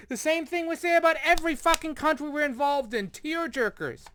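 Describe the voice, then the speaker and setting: Exasperated man, high bright voice. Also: a little fast. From United States. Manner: exasperated, sarcastic, profane; sighs often, repeats words in frustration. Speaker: commentator reacting to news articles. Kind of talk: ranting commentary.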